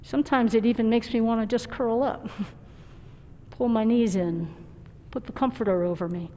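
A woman pastor preaches in a reflective, personal and earnest manner. Her voice sits a bit high. The recording is dull and muffled, with a long reverb trailing off as in a large hall. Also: fairly even intonation, normal speed, dark tone. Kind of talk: sermon.

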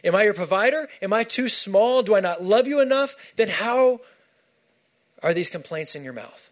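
A man's voice: sits high, lively intonation, normal speed, voice pushed up. A man voicing God as a loving father, asking pleading questions in a raised voice. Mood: earnest pleading.

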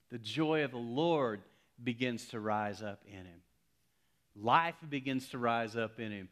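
A middle-aged man preaching a sermon, telling a story and swinging between loud exclamations and hushed, near-whispered lines. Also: lowish voice, lively intonation, unhurried, long pauses. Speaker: pastor.

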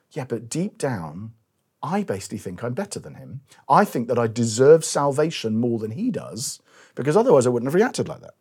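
A middle-aged male pastor preaching a sermon, telling stories with animated acted-out quotes and sometimes dropping to a quiet voice. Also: a little high, husky.

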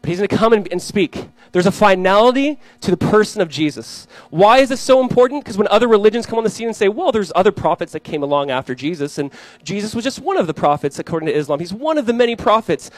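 Delivering a sermon at a fast clip, a young pastor with a somewhat high voice moves into lively storytelling, performing the voices in his anecdotes. The audio is close, dry and nearly free of room sound, but rough.

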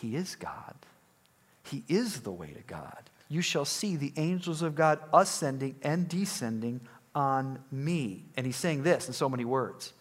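A male pastor preaching a sermon, acting out Bible dialogue in quoted voices and swinging from loud, raised lines to hushed ones. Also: medium pitch, big pitch swings, unhurried.

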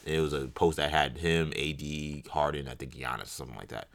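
A man with a low voice that still rings bright and forward. He co-hosts a podcast in casual sports chat, rambling with many fillers and restarts. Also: brisk, vocal fry. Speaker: podcast co-host.

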